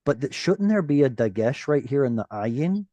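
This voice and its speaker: A man teaching a Hebrew grammar class over a video call, animated and encouraging, with playful asides. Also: mid-range voice, moderate pace, no room sound, highs cut off.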